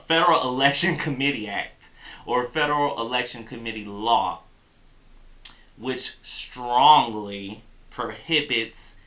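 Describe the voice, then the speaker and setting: A man's voice: mid-range voice, bright, forceful tone, echoey room. A man hosting a political commentary show, talking emphatically and landing on sarcastic punch lines. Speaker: host.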